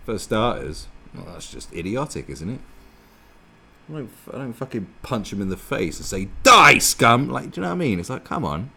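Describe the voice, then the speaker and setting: A man's voice: fairly low pitch, brisk, creaky, husky. A man giving crude, mocking commentary on a video clip. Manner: animated, sweary, mocking. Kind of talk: profane reaction commentary.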